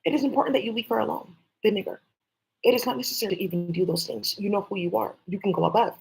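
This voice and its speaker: A woman's voice: medium pitch, fast talker, gravelly, darkish tone, rough recording. A woman on a livestream ranting in an agitated, profane way and answering voices that no one else hears. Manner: agitated, profane, talks back at unseen voices. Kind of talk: rambling livestream rant.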